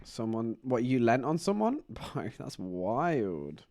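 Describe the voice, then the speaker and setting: A man chatting on a live stream, his pitch bouncing up and down as he rambles through stories. His voice sits in the middle of the range. The sound is dry and close, with no room echo. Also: slow pace. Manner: rambling, animated storytelling with frequent laughs. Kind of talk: casual live-stream chat.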